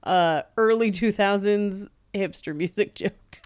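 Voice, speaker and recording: A woman's voice: medium pitch, darkish tone, clear, resonant tone, no echo, clean studio sound. A woman bantering crudely and laughing. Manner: quick crude jokes, laughing asides. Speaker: podcast co-host. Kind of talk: casual banter.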